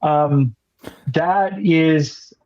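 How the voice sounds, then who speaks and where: A man, a filmmaker guest, telling a story in a casual interview with a measured pace and dry understatement. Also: on the high side, darkish tone. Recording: muffled lo-fi audio.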